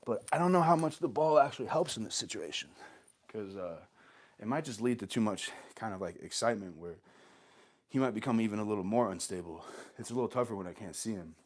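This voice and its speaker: A man with a stuffy nose who runs short of breath, explaining dog training casually and talking softly to the dog. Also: on the low side, fast. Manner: relaxed, talks softly to the dog between explanations.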